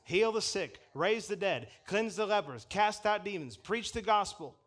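A male preacher delivering a sermon in a high, lively voice that leaps up and down. He talks animatedly, laughing to himself and slipping into the voices of people he quotes. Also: normal speed. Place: church pulpit.

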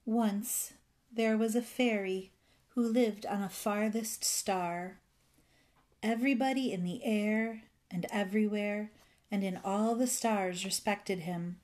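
A woman narrates a children's story in a slow, unhurried pace. Her voice sits at an ordinary middle pitch, and her manner is gentle and even. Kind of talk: scripted narration.

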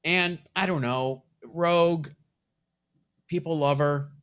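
A man's voice: on the high side, takes it slowly, fairly bright tone, clear, resonant tone. A man co-hosting a comic book show, chatting casually with wry, joking asides. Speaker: comic book podcast co-host. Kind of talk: casual chat.

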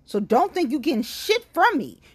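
Woman, angry venting rant, blunt and profane, higher voice, swooping lively pitch. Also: normal speed. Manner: blunt, profane, heated, emphatic.

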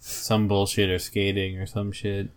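Chill self-deprecating guy, smooth lowish voice, casual podcast talk. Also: completely flat delivery, measured pace. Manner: laid-back, self-deprecating. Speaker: podcast co-host. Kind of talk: casual chat.

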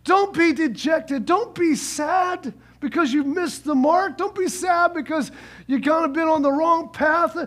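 A man in a sermon playing an ancient male leader who coaxes his grieving people with slow, stretched commands. The voice lifts higher than the preacher's own talk. It stays commanding yet gentle throughout. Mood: urging.

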